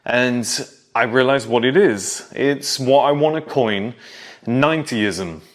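A man's voice: medium pitch, takes it slowly. A man in his thirties speaking directly to younger men, telling stories from his youth and acting out scenes in a lecturing way. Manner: direct, lecturing storyteller who acts out scenes. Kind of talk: storytelling monologue.

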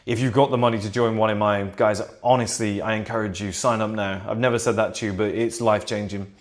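A man vlogging casually to camera from his seat at home, rambling, swearing freely and pushing a sales pitch. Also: fairly even intonation, quick pace. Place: seated at home in a flat. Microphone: camera in front of him.

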